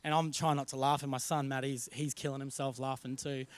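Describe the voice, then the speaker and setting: A man's voice: mid-range voice, little pitch movement, brisk, clean tone, no echo. An Australian man in his thirties preaching a sermon in church, talking casually with many restarts and repeated words. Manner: conversational, repeats words and restarts, tells family stories. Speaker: pastor.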